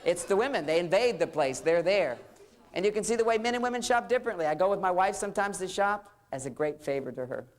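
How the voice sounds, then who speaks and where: A man's voice: high-pitched, expressive, quick pace. Guy lecturing a crowd on relationships, cracks jokes, does little voices for couples. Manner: joking, acts out quoted couples. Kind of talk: humorous seminar talk.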